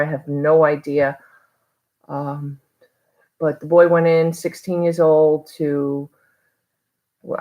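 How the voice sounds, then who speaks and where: A middle-aged woman from New York talking casually in a haul video, rambling with lots of fillers. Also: deep voice. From Long Island, New York. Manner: chatty, rambling with many fillers. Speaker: reseller vlogger.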